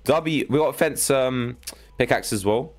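A young man giving casual, excitable commentary as he reacts to a video game, with a slangy, chatty way of talking. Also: medium pitch, unhurried, soft background music. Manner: casual, excitable, slangy, says "bro" a lot. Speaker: gaming channel host.

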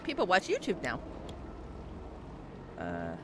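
Hoarse woman gamer, slow-paced, reactive commentary with lots of exclaiming, faint background noise. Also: low voice, huge pitch swings. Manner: reactive, exclaiming, talks to the game. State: hoarse, losing voice. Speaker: let's play gamer. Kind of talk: gameplay commentary.

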